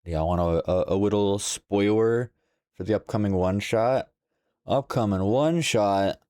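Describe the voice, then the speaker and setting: A young man streaming a game, chatting casually, sleepy and yawning yet playful and quick to exclaim. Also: lowish voice, dry recording, clean studio sound. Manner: playful, animated, exclaims and laughs often. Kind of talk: casual live-stream chat while playing a game.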